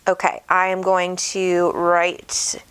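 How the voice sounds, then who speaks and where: A woman's voice: fairly low pitch, monotone, slow pace, a bit bright, clean tone. A woman hosting a casual home livestream on a desk microphone, chatty and bubbly, reading out viewers' comments. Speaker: psychic medium host.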